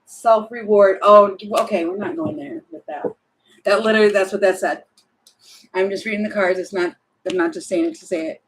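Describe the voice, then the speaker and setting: A woman's voice: medium pitch, fairly quick, slight background noise, poor audio. A woman doing a casual tarot reading to camera at home, chatty and laughing, talking to herself between cards. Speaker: tarot reader.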